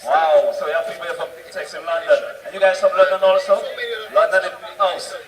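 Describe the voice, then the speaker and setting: High-voiced man teasing the crowd. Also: steady tone, a little fast. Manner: playful, teasing, exclamatory. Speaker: roving reporter. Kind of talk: crowd interviews. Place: outdoors among a crowd at a sports ground. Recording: distant, echoey mic with loud crowd.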